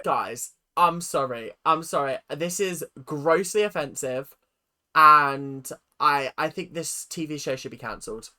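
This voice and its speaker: A young British woman hosting a reaction video, casual, sarcastic and animated, swearing freely. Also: sits low, unhurried.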